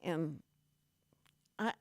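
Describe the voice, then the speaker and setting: A woman's voice: very slow, no echo. An older woman, hosting a radio show and telling a long, rambling, self-deprecating story in casual chat.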